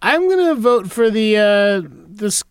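Man, podcast guest, relaxed wry manner, smooth mid voice, dry close sound. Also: sits high, unhurried, no room sound. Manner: relaxed, wry, hesitant with fillers. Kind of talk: casual comedy podcast banter.

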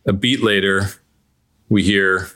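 A man hosting a podcast, reading stage directions and then signing off in a relaxed, conversational way. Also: deep voice, slow. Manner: relaxed, conversational, some restarts. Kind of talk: scripted narration and podcast sign-off.

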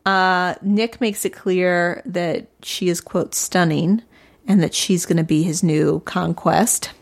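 Lower-voiced woman recapping a show. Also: fairly even intonation, takes it slowly, creaky. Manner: easygoing, laughs often. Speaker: podcast co-host. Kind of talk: casual recap chat.

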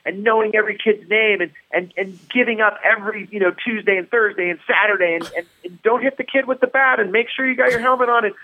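A comedian appearing as a guest tells rambling stories in a casual interview, restarting his sentences often. His high-pitched voice moves quickly with hardly any pauses, and the sound is tinny like a phone line.

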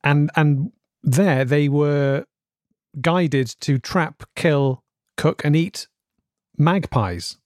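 Brief: a man playing a hesitant interviewer, slightly high voice, dry close mic. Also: very slow, long pauses, a little mellow, no echo. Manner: hesitant, polite, probing. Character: earnest male radio-style interviewer. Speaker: interviewer, presenter. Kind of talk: scripted comedy podcast.

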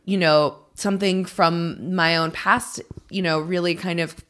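A woman's voice: lowish voice, steady tone, unhurried, a bit bright. A woman in her thirties, a podcast guest talking candidly and rambling, swearing freely and poking fun at herself. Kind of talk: candid casual chat.

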